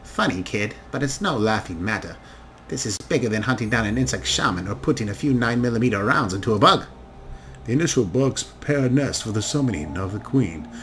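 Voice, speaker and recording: A man's voice: fairly low pitch, animated, brisk, a bit bright, a little hiss or hum. A man doing a sardonic painted elf. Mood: grave. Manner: wry, lecturing.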